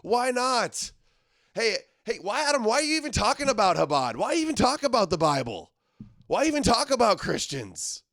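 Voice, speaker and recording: A man's voice: sits high, very animated, moderate pace, a bit bright, dry recording, studio quality. A man hosting a livestream, reacting to clips with sarcastic, exasperated commentary. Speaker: livestream host.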